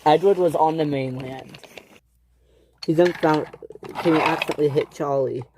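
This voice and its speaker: A storyteller narrating a home-made toy train adventure, with halting restarts and filler words. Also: mid-range voice, background noise.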